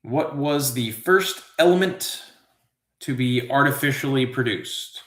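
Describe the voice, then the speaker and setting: A man with a mid-range voice hosts a live trivia show, reading the questions at an unhurried, drawn-out pace. He wanders into relaxed musing asides between answers. The sound is roomy and echoey. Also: medium pitch. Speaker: trivia host.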